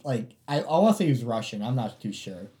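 A man's voice: medium pitch, big pitch swings, fast, mellow. A man in casual chat, a laid-back storyteller who says "dude" a lot.

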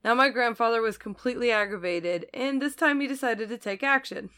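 A woman's voice: fairly high pitch, a little fast, sharp tone, clear, resonant tone. A woman co-hosting a casual chat show, reading a listener's story aloud and laughing often. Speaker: podcast co-host reading listener stories.

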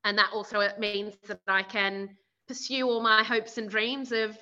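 Bright-voiced woman, candid chat. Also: medium pitch, little pitch movement, normal speed. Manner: reflective, earnest, with many fillers and restarts. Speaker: podcast guest, sales director. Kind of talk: candid podcast interview chat. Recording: dull, muffled audio.

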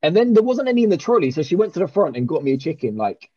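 A man, hosting a podcast and telling a long story in animated, sweary casual chat. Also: on the high side, racing, husky, dry recording, muffled recording. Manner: animated, swears a lot, with many restarts and reported speech. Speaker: podcast host.

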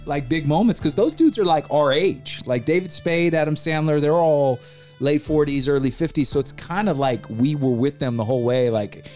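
A man's voice: a little high, normal speed, a little mellow, faint music behind. Joking, loose-talking podcast host, a man. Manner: loose, joking, reminiscing, slightly tipsy. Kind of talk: casual podcast chat.

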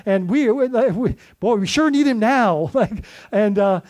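A man's voice: high voice, animated, unhurried, a little mellow. A man preaching a sermon as lead pastor, speaking conversationally and putting questions to his congregation.

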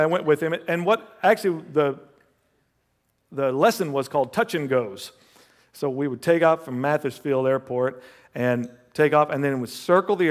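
A male pastor preaching a sermon and telling a personal story, animated, swinging between loud bursts and hushed asides. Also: mid-range voice. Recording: long hall reverb.

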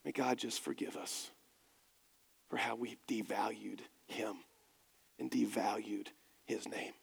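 A man voicing an older, godly church elder who speaks in a soft, slow, hushed and pleading way. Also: mid-range voice, in a large hall, pitched below the performer's own voice, lightly acted.

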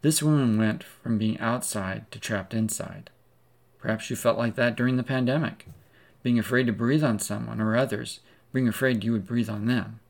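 Male preacher, gravelly, mid-pitched, dramatic second-person storytelling sermon. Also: moderate pace.

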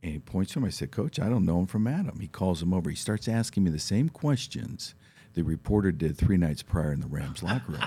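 A man in his fifties from Ohio, a studio guest telling animated stories on a talk show and acting out the voices he quotes. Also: deep voice, a little fast, slightly rough. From Ohio, USA. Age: 50s. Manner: animated storyteller who acts out quoted voices. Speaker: studio guest, former football player. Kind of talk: casual talk show storytelling. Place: radio studio.

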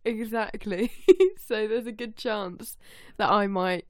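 Smooth-voiced woman, chatty co-host. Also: mid-range voice, steady tone, slow, no room sound. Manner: laughs often, teasing, chatty. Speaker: podcast co-host. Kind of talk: casual chat. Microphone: own microphone, remote call.

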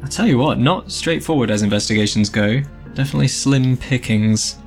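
A man's voice: medium pitch, brisk, faint music behind. A man playing a tabletop game, making wry joking asides in casual chat. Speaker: player.

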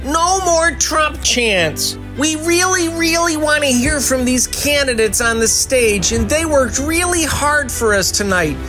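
A man putting on a shrill scolding moderator. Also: lively intonation, unhurried, hardly any pauses. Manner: high-pitched mocking scold. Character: shrill scolding debate moderator, addressing the crowd as children. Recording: music playing behind. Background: music.

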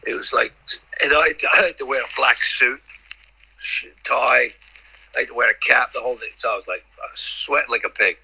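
Rambling through anecdotes as a podcast guest, a middle-aged man repeats words and acts out the dialogue casually. His mid-range voice is brisk, gravelly, and sharp with a breathy edge, on a low-quality recording.

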